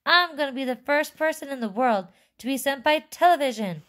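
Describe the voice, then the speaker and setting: A woman voicing a bratty, television-obsessed young boy who shouts eagerly in a read-aloud storybook. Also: fairly low pitch, lively intonation, a little slow. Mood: excited shouting.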